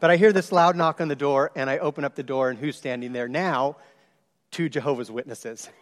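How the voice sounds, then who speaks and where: A man preaching a sermon, telling a story with lively shifts and loud exclaimed quotes. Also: mid-range voice, fairly quick. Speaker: pastor. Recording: long hall reverb.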